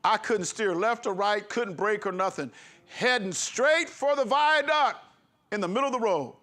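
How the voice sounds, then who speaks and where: High-voiced impassioned man preaching. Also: normal speed, pushed and bright. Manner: impassioned, emphatic, with laughs. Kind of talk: sermon. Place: congregation hall.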